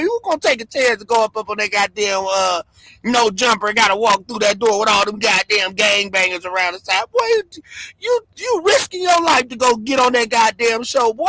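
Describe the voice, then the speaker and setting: A man hosting a livestream, ranting loudly and excitably, swinging between shouts and mutters and laughing often. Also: very high voice, no room sound, poor audio. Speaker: livestream host. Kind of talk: animated livestream rant.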